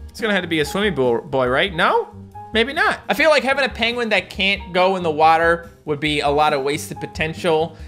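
A young man narrates his gameplay in a chatty, rambling way, his voice fairly high and swinging widely in pitch. His tone is bright and forward. Faint game music plays behind him. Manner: chatty, rambling asides to viewers. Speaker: let's play host. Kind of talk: casual game commentary.

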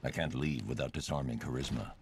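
Game hero: grim vigilante, extremely deep, terse orders. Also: male voice, steady tone, a little fast, background noise. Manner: terse, commanding. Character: grim, stern male masked vigilante.

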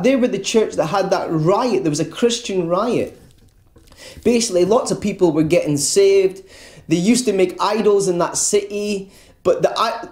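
A preacher delivers an earnest evangelical sermon, often repeating a word before pressing on. The voice has a mellow, darker tone at a middling pitch. The sound is roomy, with the echo of a church around it. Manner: earnest, repeats words when stressing a point.

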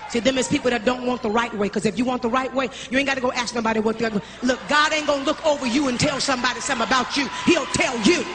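Speaking very fast with hardly any pauses, this woman preacher has a voice on the high side. She delivers a fiery, repetitive sermon in the church sanctuary and calls out the congregation, captured live with the crowd audible.

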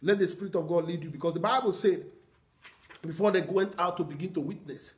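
A man's voice: high-pitched, a little fast. A pastor delivers a sermon in a somewhat raised voice, leaning on earnest repetition. He teaches his congregation step by step, quoting prayers and scripture as he goes. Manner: earnest teaching with repeated phrases and quoted prayers.

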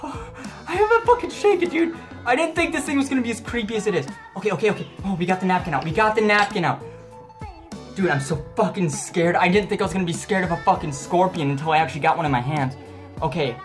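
Excitable foul-mouthed woman vlogging. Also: mid-range voice. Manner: profane and excitable, says dude a lot. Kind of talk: casual vlog commentary. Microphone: handheld camera.

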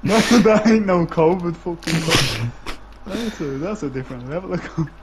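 A woman's voice: lowish voice, moderate pace. A woman in casual chat with friends, laughing a lot and swearing constantly. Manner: giggly, crude, swears constantly. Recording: loud background noise with clicks.

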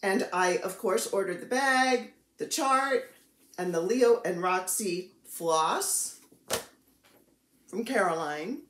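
A woman's voice: mid-range voice, expressive, takes it slowly, fairly bright tone. Chatty woman in an echoey room. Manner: chatty, self-deprecating, gushing over crafts. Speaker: cross-stitch vlogger. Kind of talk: casual chatty show-and-tell.

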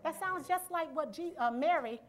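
A woman delivers a church sermon in a high-pitched voice at normal speed. She reads scripture aloud verse by verse, explaining as she goes, and engages the congregation through rhetorical questions and the call-and-response "amen?"

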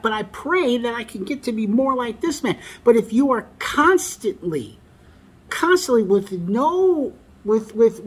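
A man's voice: very high-pitched, slightly rough. A man preaching a sermon, reading scripture aloud and stressing key phrases by repeating them.

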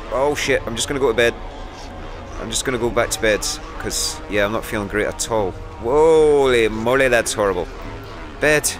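A man talks his way through a horror game in a middle-pitched voice, jumping at every scare and swearing freely. He mutters to himself between frights. Faint game music plays behind him. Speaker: gamer. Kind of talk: let's play commentary.

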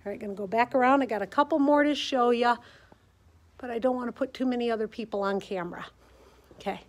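A woman's voice: on the high side, quick pace. A woman with a Midwestern American accent, a quilting teacher chatting casually as she walks viewers through a classroom show of quilts. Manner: chatty, enthusiastic, talks to viewers while filming. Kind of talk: casual show-and-tell walkthrough. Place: sewing center classroom.

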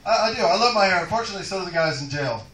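A man doing a stand-up comedy set in a comedy club, loud, profane and rambling. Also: high voice, expressive, racing, distant mic, heavy background noise. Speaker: stand-up comic. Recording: echoey club room, mic from afar.

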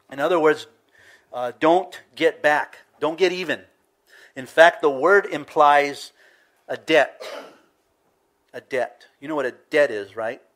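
A middle-aged man preaching a verse-by-verse sermon in a conversational way, acting out little scenes and dropping from emphatic to hushed. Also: mid-range voice. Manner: conversational, acts out little scenes in varied voices, swings from loud to hushed. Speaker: pastor. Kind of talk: expository sermon.

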